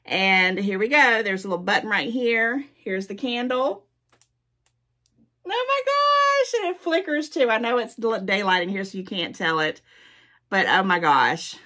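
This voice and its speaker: A woman's voice: medium pitch, moderate pace, bright, forceful tone. A woman with a Southern US accent, gushing and repeating her thanks while opening gifts in a casual home vlog. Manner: gushing, effusive, repeating herself. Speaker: YouTube host opening gifts. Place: at home in daylight.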